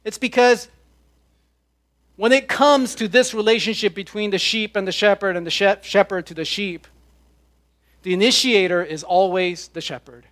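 A man preaching a sermon, slowing down and stressing his words as he quotes scripture. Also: high voice, steady tone, a bit bright. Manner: slow, emphatic preaching with drawn-out scripture quotes. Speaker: pastor.

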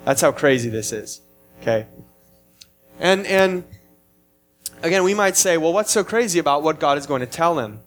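A man's voice: a little high, expressive, moderate pace, pauses often, faint music behind. A man preaching a sermon in an earnest, emphatic way, often restarting his phrases as he explains a passage. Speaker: pastor.

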